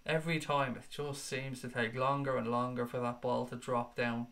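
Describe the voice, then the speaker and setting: Sweary football fan livestreamer. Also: male voice, mid-range voice, flat delivery, normal speed, creaky, a bit bright. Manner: casual, sweary, passionate fan banter. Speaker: football fan channel host. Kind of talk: livestream chat, reading viewer comments.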